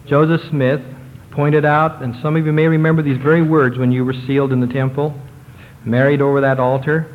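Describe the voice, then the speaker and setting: A man giving a religious lecture to a congregation, slowing down and lifting his voice when he reads scripture passages aloud. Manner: slows down and lifts his pitch to read scripture quotations aloud. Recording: tinny lo-fi sound with long hall reverb.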